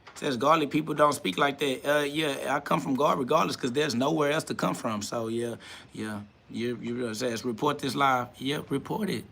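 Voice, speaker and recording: Man, live stream host, gravelly voice, bright edgy tone, confrontational profane rant. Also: medium pitch, normal speed. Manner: combative, profane, answers chat comments. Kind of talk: ranting live stream talk.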